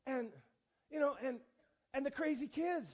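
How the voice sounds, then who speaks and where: A middle-aged man preaching a storytelling sermon, animated and self-mocking, with many restarts and fillers. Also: very high-pitched, measured pace, very noisy. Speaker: pastor. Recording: dull lo-fi recording.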